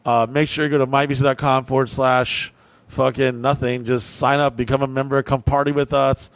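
A man from Kentucky hosting a podcast, telling a story in a profane, animated way, full of "like" fillers. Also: medium pitch, fairly quick, no echo. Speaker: podcast host. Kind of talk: casual storytelling.

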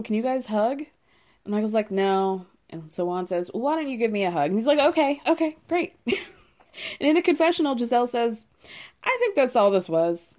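A woman's voice: mid-range voice, a little mellow. Sassy woman host recapping with wry asides. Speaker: podcast host recapping reality TV. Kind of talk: casual recap monologue.

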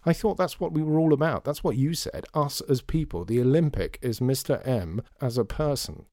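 A man's voice: medium pitch, normal speed, warm tone, dry recording, studio quality, lightly acted. A man voicing a stubborn, proud father who insists on his point, in a storybook reading. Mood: insistent.

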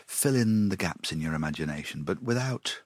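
Deep, husky-voiced man in a studio. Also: expressive, normal speed, no echo. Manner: enthusiastic, stumbling restarts. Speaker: guest, audiobook narrator. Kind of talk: interview, audiobook narration. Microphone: studio microphone.

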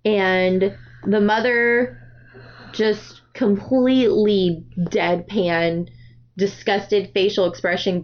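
A woman hosting a casual book-club podcast, animated and laughing often. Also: medium pitch, slow. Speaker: podcast host. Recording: dull lo-fi sound.

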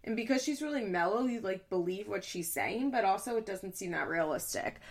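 Recapping a reality show in casual chat, a woman shares strong opinions and puts on other voices for quotes. Her mid-range voice is expressive, and she speaks a little fast.

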